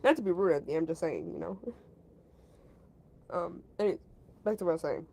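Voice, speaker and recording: A woman's voice: lowish voice, expressive, brisk, gravelly, a little mellow, husky, poor audio. A woman casually telling a story to her stream chat, rambling, repeating herself and padding her talk with fillers. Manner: talks to her chat between story parts.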